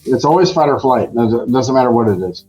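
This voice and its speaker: A man's voice: medium pitch, brisk, a little mellow, faint music behind, low-quality recording. A man co-hosting a podcast who mostly adds short remarks of agreement. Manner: brief agreeing interjections. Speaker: podcast co-host. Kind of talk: casual podcast chat.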